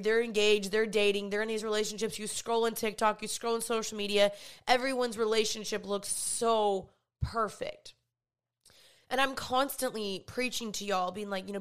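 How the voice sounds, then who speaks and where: A woman's voice: mid-range voice, a bit bright. A young woman hosting her own podcast, giving a candid, casual personal update and leaning heavily on "like" as she talks. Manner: candid, heavy use of "like", emotional at times. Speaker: podcast host.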